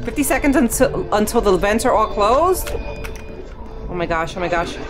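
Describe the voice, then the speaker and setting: A woman hosting a gaming channel, giving excitable play-by-play commentary to herself with sudden shrieks. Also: medium pitch, normal speed, music in the background. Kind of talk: live gameplay commentary.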